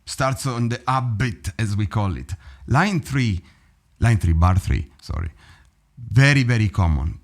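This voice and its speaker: A man teaching drum rudiments in a relaxed, animated way, often vocalizing rhythms and laughing. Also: fairly low pitch, a little slow. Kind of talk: practice session teaching. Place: drum studio.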